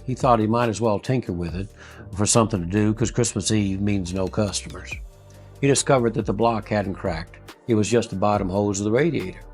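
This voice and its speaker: A male host narrating a heartfelt story in a slow, earnest, folksy way. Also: fairly low pitch.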